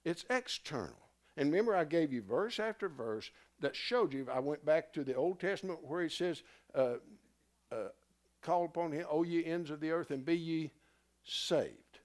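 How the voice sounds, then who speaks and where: A man's voice: on the high side, normal speed. A man teaching a Bible class in a loose, conversational way, often stopping to quiz his listeners and restarting his sentences. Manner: animated, self-interrupting, asks the class questions.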